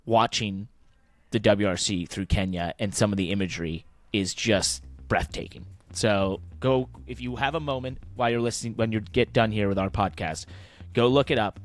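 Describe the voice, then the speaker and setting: A man's voice: lowish voice, normal speed. A man in his thirties co-hosting a motorsport podcast, chatting enthusiastically with a voice wearing out. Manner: conversational, enthusiastic, with fillers. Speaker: podcast co-host. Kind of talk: casual motorsport podcast chat.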